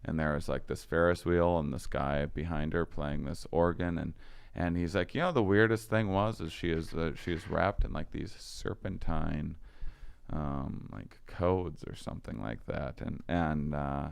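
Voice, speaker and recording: A man's voice: a bass voice, a little slow, gravelly, clean tone. A man telling a long story in casual conversation, acting out quoted lines and laughing often. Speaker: podcast guest.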